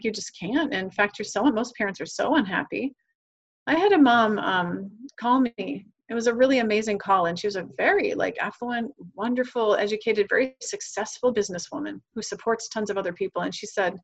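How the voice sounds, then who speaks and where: A woman guest on a podcast talking earnestly about parenting, acting out quoted conversations as she tells stories. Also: medium pitch. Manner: earnest, enthusiastic, acts out quoted dialogue. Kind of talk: podcast interview, animated storytelling.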